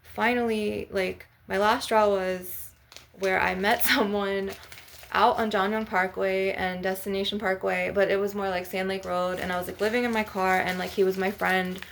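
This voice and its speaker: A woman's voice: medium pitch, flat delivery, normal speed, vocal fry, a bit bright, a little hiss or hum. Rambling woman telling a personal story. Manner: rambling, heavy use of "like" and fillers; laughs through painful memories. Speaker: ASMR channel host.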